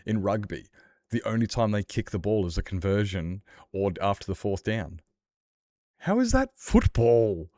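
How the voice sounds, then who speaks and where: A man's voice: on the low side, fairly even intonation, moderate pace, darkish tone, no room sound, clean studio sound. A man streaming a survival game, chatting with viewers in a worked-up, playful rant. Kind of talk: casual live-stream chat.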